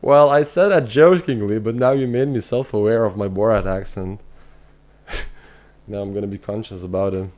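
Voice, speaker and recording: A man's voice: lowish voice, moderate pace, a little mellow. A man with an Irish accent chatting casually on a game live stream, answering viewers and thinking aloud with fillers. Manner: reads chat messages aloud and answers viewers.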